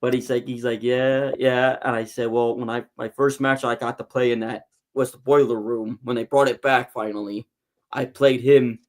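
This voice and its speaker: A man's voice: medium pitch, steady tone, normal speed. A man chatting on a podcast in a mid-range voice, rambling through his stories. He doubles back often and restarts his sentences as he goes. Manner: rambling storyteller with many restarts. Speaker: guest, wrestling promotion figure. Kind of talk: casual podcast chat.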